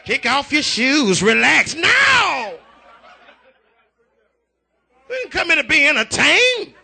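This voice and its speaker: A man preaching a revival sermon in a church, using call-and-response and breaking into shouts. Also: very high voice, big pitch swings, moderate pace, vocal fry. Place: church sanctuary.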